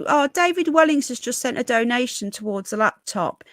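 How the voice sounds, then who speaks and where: Livestream host, woman, soft Brummie lilt with a Yorkshire edge, rambling chat, slightly high voice. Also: animated, normal speed, no echo, clean studio sound. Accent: toned-down Birmingham with a bit of Yorkshire. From Birmingham, England. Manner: chatty, rambling, reads out viewer comments. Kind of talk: casual live-stream chat reading comments.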